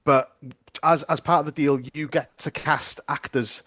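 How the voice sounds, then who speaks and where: A man's voice: a little high, fairly even intonation, unhurried, fairly bright tone, no room sound, clean studio sound. A man hosting a podcast, asking friendly, curious questions in a casual interview. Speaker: podcast host.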